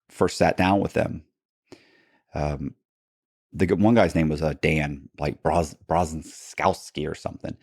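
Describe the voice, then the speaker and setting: Deep-voiced man telling animated stories. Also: no echo, clean studio sound. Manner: animated, acts out quoted dialogue with pitch jumps. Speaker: podcast guest, former con man. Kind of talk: casual storytelling.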